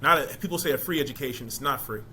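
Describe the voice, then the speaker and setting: A man's voice: medium pitch, racing, bright, forceful tone, slight background noise. A man guest in an interview, talking casually and with emphasis about his college choice, often checking in with his listener. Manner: conversational, emphatic, asks "you know what I mean?". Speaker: interview guest, former college football player.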